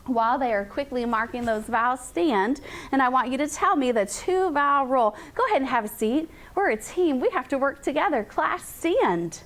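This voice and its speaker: A woman's voice: high-pitched, lively intonation, a little fast, fairly bright tone. A woman teacher leading a classroom phonics lesson. She is upbeat and drills vowel sounds in call-and-response chants.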